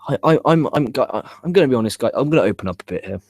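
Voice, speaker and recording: Young male streamer, middle pitch, agitated rambling, dry sound. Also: animated, racing, a little mellow, no room sound. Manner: frustrated, swearing, rambling with stammers. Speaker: live show host. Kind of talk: live stream chat about wrestling. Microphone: cheap USB microphone.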